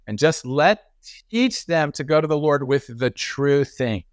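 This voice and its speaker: A middle-aged man telling stories as a podcast guest, animated and acting out the voices of people he quotes. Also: fairly high pitch, measured pace, dry recording, studio quality. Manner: frequent restarts and repetitions. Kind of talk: conversational storytelling.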